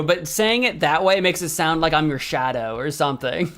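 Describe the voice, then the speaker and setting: A man's voice: on the high side, normal speed, a bit bright, faint music behind. A man streaming a video game, chatting casually, laughing often and thinking aloud as he reacts to what happens on screen. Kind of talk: casual let's-play commentary.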